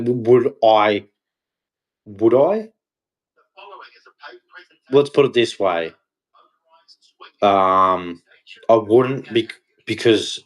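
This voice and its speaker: A man's voice: on the low side, poor audio. A man ranting heatedly in a casual vlog monologue, blunt and repetitive, swearing now and then. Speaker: vlogger.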